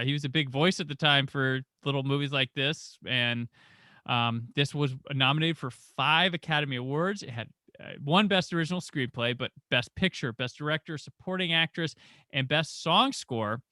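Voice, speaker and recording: A man hosting a movie podcast, talking casually and acting out the people in his anecdotes. His voice is bright and forward, and it sounds dry and close, with little room around it. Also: medium pitch, normal speed, no echo. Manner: animated storyteller, acts out quoted voices. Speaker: podcast host.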